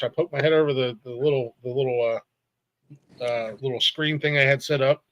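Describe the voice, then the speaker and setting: A middle-aged man co-hosting a casual podcast, talking in a halting, rambling way full of fillers. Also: medium pitch, fairly even intonation, a bit bright, dry recording, rough recording. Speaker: podcast co-host.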